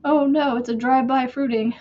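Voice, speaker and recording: A woman's voice: high-pitched, highs cut off. A woman hosting a crochet channel, chatting casually and rambling while she works. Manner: slow, rambling, chatty with fillers.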